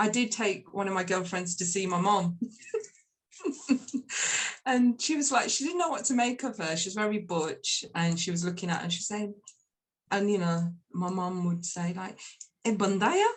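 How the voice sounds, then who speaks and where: A woman's voice: mid-range voice, moderate pace. A middle-aged woman, candidly telling her life story in a casual chat and slipping into Punjabi phrases when quoting her mother. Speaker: guest volunteer.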